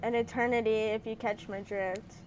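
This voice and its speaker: A woman's voice: on the high side, level tone, moderate pace, a little mellow, highs cut off, a little hiss or hum. A woman streaming a dating sim, chatting playfully and reading the story text aloud with a lot of giggling. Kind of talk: casual gaming commentary, reading game text aloud.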